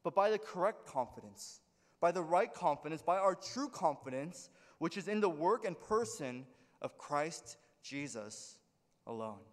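A man gives a sermon from the pulpit in a fairly high voice. His pitch rises and falls widely, and he stays earnest, tagging his points with "right?". His words trail off into the long reverb of a chapel hall. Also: expressive, a little slow. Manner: earnest, repeats with frequent "right?" checks. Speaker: pastor. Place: church sanctuary.

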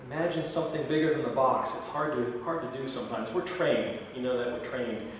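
A man's voice: mid-range voice, brisk, slight background noise. A male pastor preaching a sermon in a conversational way, with asides and quoted dialogue. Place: large church sanctuary. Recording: echoey church hall from far off.

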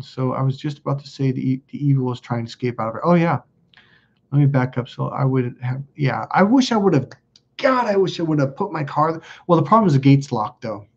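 A man's voice: mid-range voice, darkish tone, slightly rough. A man hosting a casual livestream, telling rambling stories bluntly and with lots of swearing while reading viewer comments. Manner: blunt, profane, rambling storyteller. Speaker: host. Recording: dull lo-fi recording.

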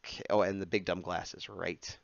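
A man's voice: low voice, little pitch movement, normal speed, gravelly, no room sound, muffled recording. A man streaming himself sketching, muttering and humming as he draws and chatting to viewers in a casual way. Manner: mutters and hums to himself while drawing, then turns to chat brightly. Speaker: streamer sketching and taking requests. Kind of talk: casual live-stream chat while drawing.

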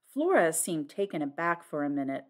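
A woman narrating an audiobook in an expressive, scripted reading. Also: low-pitched, moderate pace.

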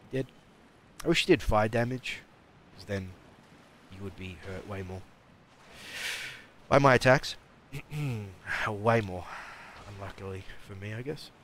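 A man's voice: on the low side, fairly bright tone, a little hiss or hum. A man giving rambling live commentary while playing a game, mumbling and talking back at the enemies on screen. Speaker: streamer.

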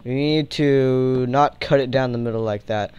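A young man hosting a casual gaming video, rambling and joking, swinging from mumbles to shouts. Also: medium pitch, moderate pace, clear, resonant tone, muffled recording. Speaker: gaming channel host.

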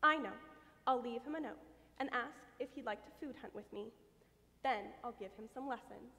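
A woman voicing a kind, fussy young female squirrel in a read-aloud storybook, bright and earnest. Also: on the high side, normal speed, gravelly. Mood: pleased. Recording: long church reverb.

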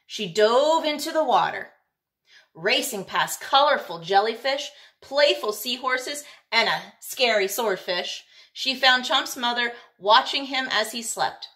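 Expressive woman reading aloud to kids. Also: a little high, unhurried. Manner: expressive, lilting storytelling. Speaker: teacher. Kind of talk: reading a picture book aloud.

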